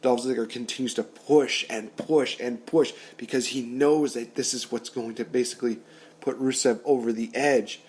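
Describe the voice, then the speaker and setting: A man hosting a wrestling podcast, excitedly retelling an imagined storyline and acting out the wrestlers' lines and sound effects. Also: mid-range voice, normal speed. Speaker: podcast host. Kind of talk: fantasy booking recap, casual podcast talk.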